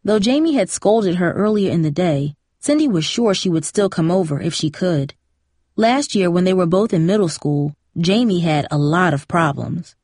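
A woman narrates a novel in a steady, measured way. Her voice sits fairly low, and the recording is dry and close, with no room sound around it. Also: dry recording. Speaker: audiobook narrator. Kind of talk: scripted narration.

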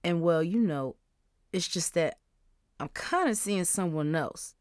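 An awkward teenage boy, as a woman reads him, hesitant and hushed, stumbling over his words in an audiobook. Her voice sits a little low. The sound is dry. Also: animated, clear, resonant tone, dry recording. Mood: nervous. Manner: halting, hushed and unsure.

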